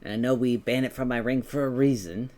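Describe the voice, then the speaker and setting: A man doing a gruff streetwise fight-ring boss. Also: medium pitch, fast, a little mellow, close to an everyday voice. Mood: defensive. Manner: streetwise, chummy, teasing.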